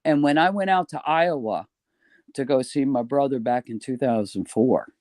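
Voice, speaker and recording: A man's voice: medium pitch, moderate pace, a little mellow, no echo. An older man from New York, a retired guest telling stories in a casual, chatty way and swearing now and then. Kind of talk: casual chat.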